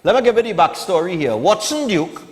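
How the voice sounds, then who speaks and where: A man with a Trinidadian accent hosting a live morning TV show and giving conversational political commentary that drops to a hush for asides. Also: sits high, sing-song, fairly quick, big-room sound. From Trinidad and Tobago.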